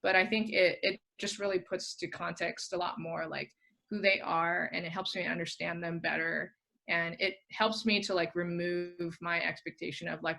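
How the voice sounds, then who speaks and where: A woman's voice: lowish voice, level tone, normal speed, vocal fry, pushed and bright. A young adult woman, a podcast guest, chatting casually and reflectively, with lots of "like" fillers. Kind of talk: casual chat.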